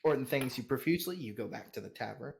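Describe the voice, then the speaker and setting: A man narrating a tabletop role-playing game as game master, animated and often laughing. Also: medium pitch, quick pace, vocal fry, a little hiss or hum.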